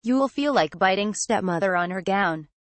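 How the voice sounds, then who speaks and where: A woman's voice: medium pitch, lively intonation, moderate pace, no room sound. A woman narrating an audiobook in an earnest, naive first-person storytelling manner.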